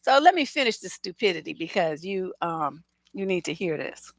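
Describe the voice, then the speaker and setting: A woman's voice: lowish voice, sing-song, moderate pace, dry recording. A woman relationship coach giving blunt, profane, sarcastic commentary, reading out comments and answering them. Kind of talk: opinionated commentary.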